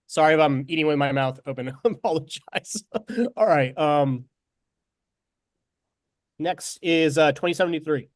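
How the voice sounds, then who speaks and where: A man's voice: a little high, a little slow, long pauses, no echo, clean studio sound. A man helping run a committee meeting, speaking hesitantly and apologizing often. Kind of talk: running a meeting.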